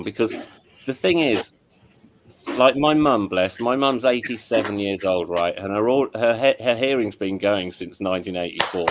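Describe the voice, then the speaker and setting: This middle-aged host, who also serves as audio engineer, has a lowish voice heard over background noise. He runs a casual chat, wandering off topic, apologizing and frequently restarting his thoughts.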